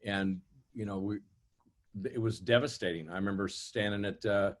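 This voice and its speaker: A man's voice: lowish voice, fairly even intonation, normal speed. A man telling rambling, profane stories on a casual industry call. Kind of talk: casual chat.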